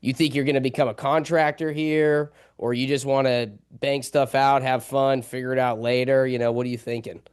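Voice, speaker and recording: A man's voice: mid-range voice, little pitch movement, moderate pace, few pauses, clean tone, no room sound, clean studio sound. A man hosting a casual interview, asking loose, easygoing questions in a chatty way. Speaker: podcast host.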